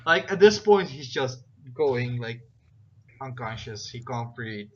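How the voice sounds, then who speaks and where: A man's voice: mid-range voice, lively intonation, slow. A man narrating as game master in casual tabletop play, rambling with many "like" fillers. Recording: dull lo-fi recording, faint noise.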